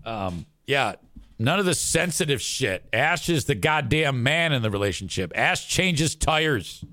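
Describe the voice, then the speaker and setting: A man's voice: mid-range voice, big pitch swings, unhurried, bright, forceful tone, dry recording. Crude, rambling middle-aged male host. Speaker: live show host. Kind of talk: casual live-stream talk.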